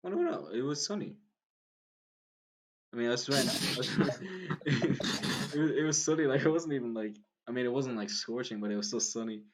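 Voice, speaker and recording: Young Irish guy, podcast co-host, loose rambling storyteller, mid-pitched voice, lots of filler words. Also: steady tone, brisk. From Ireland. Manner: rambling storyteller, many "like"s, laughs while talking. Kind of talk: casual chat.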